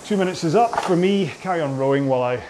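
A man's voice: fairly high pitch, lively intonation, fast talker, noisy background. A man coaching an indoor rowing workout while rowing, chatty and rambling, often mocking himself.

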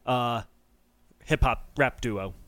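A man's voice: medium pitch, slow, fairly bright tone, no room sound. A man co-hosting a podcast, teasing and wry in casual chat. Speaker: podcast co-host.

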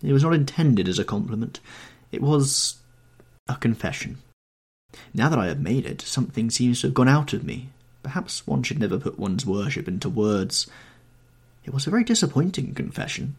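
A man's voice: mid-range voice, very animated, normal speed, a little mellow, husky, pitched above the performer's own voice. A man voicing an earnest, devoted middle-aged painter in a storybook reading, pleading and wistful. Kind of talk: audiobook character reading.

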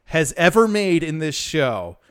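Excited man rambling through a recap. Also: on the high side, unhurried, clean tone. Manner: excited, rambling, heavy on 'like' and restarts. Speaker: podcast co-host. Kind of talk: casual chat recapping an anime episode.

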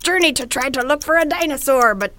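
Woman doing a goofy loud pirate voice, pitched up, bouncy, yar-ing and giggling. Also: lively intonation, fast. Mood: hammy. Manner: stock pirate shouts, giggly. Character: hammy pirate woman, jokey sea-dog. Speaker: podcast co-host.

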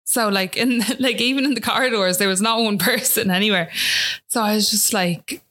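A woman's voice: medium pitch, moderate pace, a bit bright. Chatty Irish woman telling a story. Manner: chatty, fills talk with "like" and "do you know what I mean". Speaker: guest. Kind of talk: casual personal storytelling.

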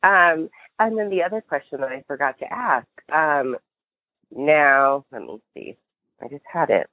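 A woman hosting a relaxed interview, her pitch moving a lot as she asks questions and responds to the answers. She keeps encouraging the guest with quick affirmations. The sound is thin and telephone-like, with no room echo. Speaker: podcast host. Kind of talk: casual interview. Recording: phone-like remote call audio.

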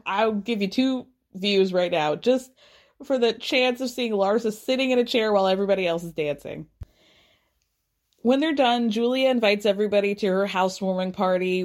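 A woman giving a casual, gossipy recap of a reality show, slipping into quick impressions of the cast as she retells their lines. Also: medium pitch. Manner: gossipy, animated, mimics cast members' voices.

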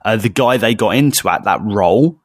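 A man's voice: on the low side, animated, a little fast, breathy edge, dry recording, studio quality. A man co-hosting a casual podcast chat, emphatic and prone to repeating words for stress. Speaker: podcast co-host.

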